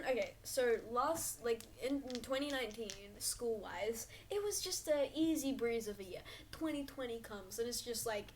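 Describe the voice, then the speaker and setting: A woman's voice: a little high, slight background noise. A teenage woman co-hosting a podcast, chatting casually with playful, jokey storytelling. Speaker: podcast co-host. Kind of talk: casual chat.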